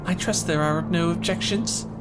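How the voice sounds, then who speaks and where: A man's voice: high-pitched, fairly even intonation, moderate pace, loud music behind the voice, natural voice. A man voicing a formal, polished young male scholar in a game cutscene. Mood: earnest.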